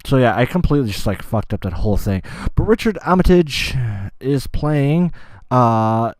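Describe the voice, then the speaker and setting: Brief: male podcast host, mid-pitched, rambling and profane, close dry mic. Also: lively intonation, moderate pace, a little mellow, no room sound. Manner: rambling, swears a lot, loses his train of thought. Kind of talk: casual solo gaming podcast.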